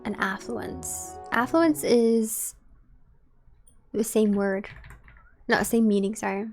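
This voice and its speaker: A woman's voice: fairly high pitch, fairly even intonation, slow pace, darkish tone, soft background music. A woman streaming a game and chatting casually with her viewers, musing aloud. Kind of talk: casual gameplay commentary.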